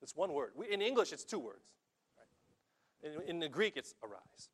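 A middle-aged male pastor delivers a sermon in a somewhat high voice. He is animated and often stammers, repeating words as he goes. His delivery swings between loud, emphatic bursts and hushed, quiet lines. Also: moderate pace, slightly rough.

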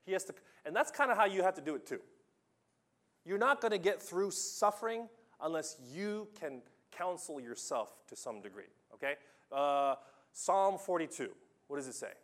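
A man preaching a sermon, telling stories with lively swings from loud urging to hushed, quiet lines. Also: sits high, normal speed.

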